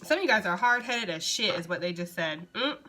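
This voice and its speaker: A woman's voice: medium pitch, expressive, brisk, sharp tone. A woman giving a casual tarot reading, blunt and profane, laughing often as she talks. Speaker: tarot reader.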